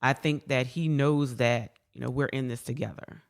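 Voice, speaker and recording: A woman in a casual interview chat, warm, laughing often and repeating words as she talks. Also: rumbling low, fairly even intonation, normal speed, vocal fry. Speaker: guest.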